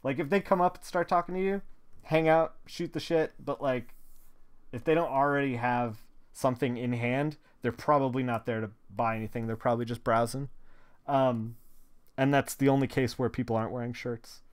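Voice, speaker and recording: A man's voice: medium pitch, steady tone, moderate pace, clear, resonant tone. A man, a comic colorist, talking casually on a live stream from a home studio at a desk mic, rambling with lots of "like" fillers. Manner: rambling, filler-heavy, frequent "like". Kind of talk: casual chat while working.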